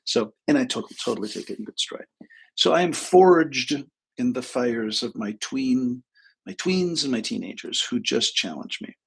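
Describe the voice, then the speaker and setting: A man's voice: medium pitch, lively intonation, normal speed, gravelly, breathy edge. A male therapist talking casually on a livestream, chatty and self-deprecating as he tells funny anecdotes.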